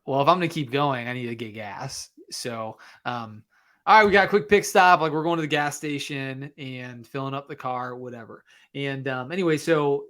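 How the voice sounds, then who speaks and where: Animated storytelling man on a podcast. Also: mid-range voice, normal speed. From Michigan. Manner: animated, re-enacts dialogue. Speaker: guest author. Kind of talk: casual storytelling in conversation.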